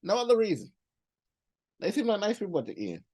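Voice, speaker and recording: A man's voice: high-pitched, wildly swooping pitch, fairly quick, darkish tone, husky. A young man hosting a movie reaction channel, talking through a ranked list in loose, slangy, rambling casual commentary full of fillers.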